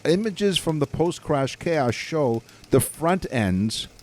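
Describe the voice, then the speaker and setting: A man's voice: on the high side, animated, slow pace, a little mellow. A male podcast co-host reading odd news reports aloud, adding dry asides and stumbling over words now and then. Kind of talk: comedic podcast banter, reading news items.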